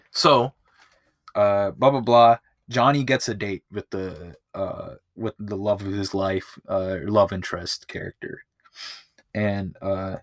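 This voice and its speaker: Rambling, profane podcast guy, low voice. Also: fairly bright tone, dry recording. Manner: rambling and profane, with lots of filler. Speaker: podcast host. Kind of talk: casual movie-review podcast.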